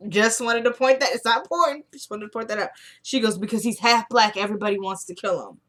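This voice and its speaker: A woman's voice: a little high, fast, fairly bright tone. A woman casually recapping a TV drama episode, retelling the scenes in quoted dialogue and adding her own blunt opinions.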